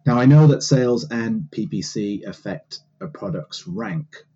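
Husky English man leaving a question. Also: lowish voice, animated, measured pace, warm tone, muffled recording. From England. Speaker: listener asking a question. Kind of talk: recorded voicemail question.

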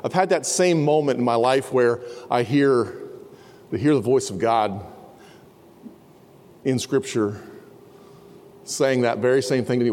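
A pastor preaching an earnest sermon, sometimes dropping to a soft, low voice. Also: male voice, unhurried, long pauses. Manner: earnest, drops to a soft low voice for quiet passages. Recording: long hall reverb. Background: students in a campus service.

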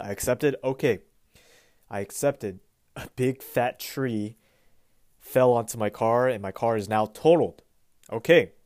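Male solo podcaster, low-pitched, casual and meandering delivery, dry recording. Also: no echo. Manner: relaxed, rambling, with frequent restarts and fillers. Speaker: podcast host. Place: Pacific Northwest US.

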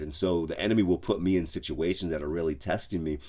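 A man's voice: deep voice, fast, darkish tone. A man who is a pastor, giving a casual devotional talk on a podcast, loose and conversational with many fillers. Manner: conversational, lots of "like" and "you know".

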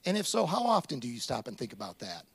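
A man preaching a sermon as a pastor, animated, acting out little scenes and asides as he goes. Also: mid-range voice, fast talker, vocal fry, breathy edge.

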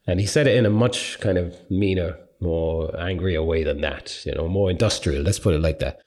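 A middle-aged Irish man and open water swimmer, speaking to students in a rambling, animated storytelling style. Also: low-pitched, normal speed, hardly any pauses. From Ireland.

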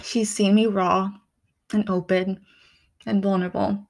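Young woman, candid vlogger, unhurried delivery, emotional and soft-spoken. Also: mid-range voice, little pitch movement, vocal fry. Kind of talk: reflective personal vlog.

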